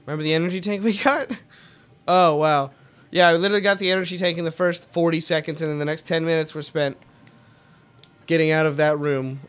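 Frustrated high-voiced gamer man. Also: brisk. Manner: swings from mumbling to frustrated shouting, swears freely. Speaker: let's play host. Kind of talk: casual gameplay commentary.

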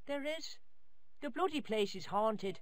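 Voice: medium pitch, expressive, unhurried, no echo, natural voice. An actor voicing a cheeky, mouthy young Irish boy in a video game, with an Irish accent and a brash, boastful way of talking. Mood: spooky storytelling. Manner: brash, boastful, tall-tale telling.

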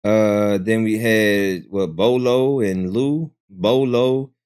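A man hosting a live stream, recapping in a loose, profane, slangy manner and swinging between a low drawl and high squeals. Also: takes it slowly, a little mellow, clean tone. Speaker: livestream host. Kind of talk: casual live-stream commentary.

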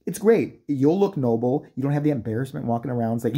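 A man's voice: medium pitch, animated, fast talker, hardly any pauses, warm tone, husky. A man delivering a profane, mocking comedic rant, breaking into exaggerated impressions. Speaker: comedic commentator. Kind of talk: ranting comedic commentary.

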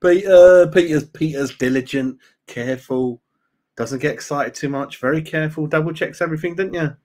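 On his live football fan stream, a man with a fairly high, slightly mellow voice speaks at normal speed. He's casual and chummy, addressing viewers as mate and reading their comments out loud.

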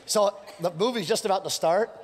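A male pastor preaching a sermon, telling stories with playful asides and building to fired-up calls, his voice a little hoarse from preaching several services. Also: high voice, fairly quick. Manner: animated, storytelling with playful asides and rising exhortations. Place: church sanctuary. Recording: long church hall reverb.

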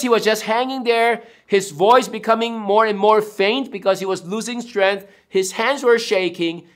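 A man's voice: high-pitched, a bit bright. A man preaching a sermon as pastor, emphatic and given to dramatic storytelling.

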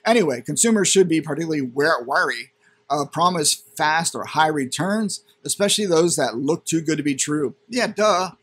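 A man's voice: on the high side, animated, normal speed, fairly bright tone, slightly rough. A man hosting a crypto channel, reading a news item aloud and ranting at it with sarcastic, indignant commentary.

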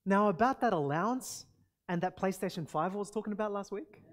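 A man playing a smug young boy who flatters his parents with coaxing questions, as part of a sermon illustration. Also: high-pitched, a little fast, natural voice. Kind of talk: sermon illustration role-play.

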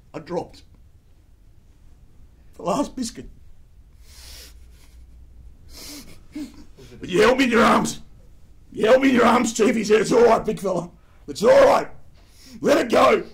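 A man improvising a crude, rambling Australian survivalist and war veteran for a comedy sketch. He speaks in a high, gravelly, husky voice. His long anecdotes wander and are full of slang. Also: a little mellow, full character voice. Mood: mock-solemn war story.

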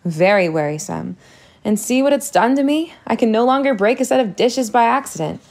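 Spirited young heroine, lively and teasing, slight fry read by a woman. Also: on the high side, brisk, pitched above the performer's own voice. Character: spirited, witty teenage girl heroine.

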